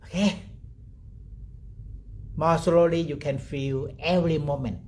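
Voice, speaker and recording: A man leading a guided meditation talk in simple broken English, pausing often and asking "okay?". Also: on the high side, fairly even intonation, slight background noise. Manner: repeats short words softly, trailing off quieter. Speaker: meditation teacher.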